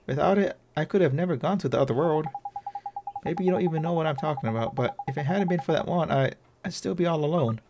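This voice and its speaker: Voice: medium pitch, quick pace, lightly acted. Player reading an earnest little boy hero, curious and hopeful, game music behind. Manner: earnest, questioning.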